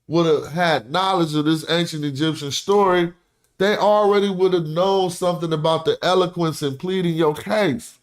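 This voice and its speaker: A casual, slangy man talks on his stream, his voice sitting a bit high for a man. He tells an old story in his own words and reads passages aloud. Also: moderate pace. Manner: slangy, animated, acts out quotes in put-on voices.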